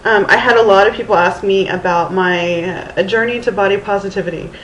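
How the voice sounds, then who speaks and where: A woman's voice: medium pitch, brisk, a bit bright, a little hiss or hum. Rambling woman in her thirties, roomy sound. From Houston, Texas. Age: 30s. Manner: Valley Girl-like speech, many ums and restarts. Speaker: vlogger. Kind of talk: casual rambling storytime vlog. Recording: roomy with faint ambience.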